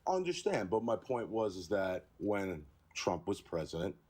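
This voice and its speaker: A middle-aged man from New York calling into a live stream debate, arguing in a halting, tired way. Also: low voice, sing-song, a little mellow. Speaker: caller.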